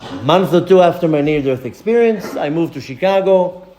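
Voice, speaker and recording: A man, a rabbi, giving a lecture as a lively personal story, acting out the voices of the people in it. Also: on the high side, normal speed. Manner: animated storyteller acting out dialogue.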